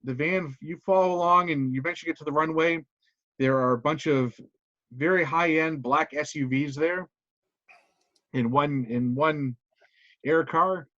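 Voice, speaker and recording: A man's voice: fairly high pitch, moderate pace, sharp tone, no echo. Male game master narrating an online session; dull dry recording.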